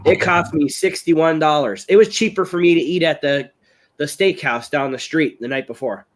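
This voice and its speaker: A somewhat high-pitched American man, a chili-eating champion guesting on a live video call, talks at a moderate pace through a webcam mic. Still ill and sounding strained, he chats casually, rambling through excitable stories and getting louder as he recounts them.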